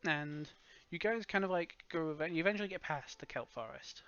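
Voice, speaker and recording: A man guides his players through a tabletop game, rambling and full of hesitations. His voice sits a little high. The sound is dull and lo-fi. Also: brisk, a bit bright, clear, resonant tone. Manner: rambling, hesitant, laughs often. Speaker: game master. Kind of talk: narrating a tabletop game over voice chat.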